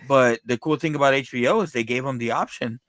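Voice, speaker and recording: A man's voice: mid-range voice, fast, fairly bright tone, dry recording. Male podcast host; easygoing casual chat, dry recording. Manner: easygoing, short affirmations.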